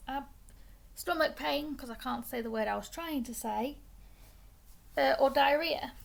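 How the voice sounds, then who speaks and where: A woman's voice: sits high, vocal fry. A young woman explaining things in a casual, chatty way, often stumbling and restarting words, with the hiccups. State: has the hiccups. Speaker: vlogger.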